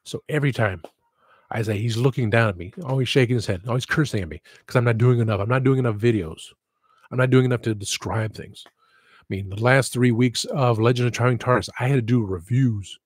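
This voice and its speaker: Husky-voiced man rambling on a livestream. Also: medium pitch, fairly quick, no room sound, clean studio sound. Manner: rambling, frank, swears freely. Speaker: livestream podcast host. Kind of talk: casual rambling livestream chat.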